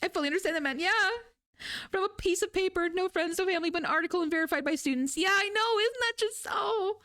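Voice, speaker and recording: A woman's voice: extremely high pitch, fast, bright, forceful tone. A young adult woman, streaming and chatting casually with her viewers, telling stories animatedly and laughing often. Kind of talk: casual chat with live chat.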